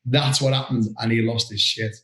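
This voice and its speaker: A man co-hosting a casual referees' podcast, telling anecdotes with lively mimicry. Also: medium pitch, moderate pace. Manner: animated anecdote-telling with mimicked voices and laughter. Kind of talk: casual chat, storytelling. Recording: roomy echo.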